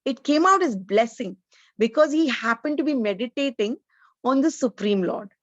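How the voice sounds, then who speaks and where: A woman's voice: a little high, lively intonation, normal speed, no room sound, muffled recording. A woman giving an online scripture lecture, explaining each point earnestly, like a teacher.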